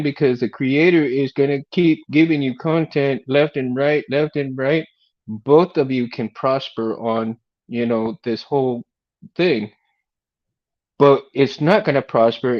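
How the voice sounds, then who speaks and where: A man's voice: mid-range voice, muffled recording. A middle-aged man hosting a casual livestream, rambling in a laid-back way, laughing often and calling people "man" and "dude". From Texas. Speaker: livestream host.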